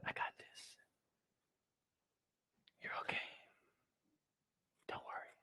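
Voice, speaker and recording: A man whispering as a gentle calming God. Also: takes it slowly. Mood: soothing whisper. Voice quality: hushed, soothing. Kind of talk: whispered role-play. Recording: long reverb of a church hall.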